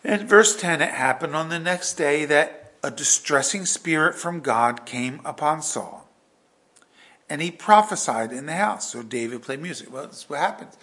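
A man preaching a verse-by-verse sermon with an animated delivery that swings from loud emphasis to hushed asides. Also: on the high side, moderate pace. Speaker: pastor.

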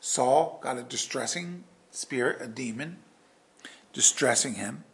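A man preaching a verse-by-verse sermon with an animated delivery that swings from loud emphasis to hushed asides. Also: mid-range voice, unhurried, vocal fry. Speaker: pastor.

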